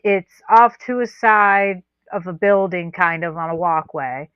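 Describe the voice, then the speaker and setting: A woman's voice: fairly low pitch, measured pace, smooth, no echo. A woman co-hosting a podcast in casual chat, rambling in a laid-back way with frequent chuckles. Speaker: podcast co-host. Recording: dull lo-fi dry sound.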